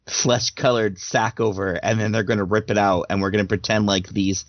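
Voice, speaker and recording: Man, low voice, rambling casual chat, dry dull lo-fi sound. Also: little pitch movement, moderate pace, dry recording. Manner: rambling, laughs often, many fillers. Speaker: podcast host asking questions.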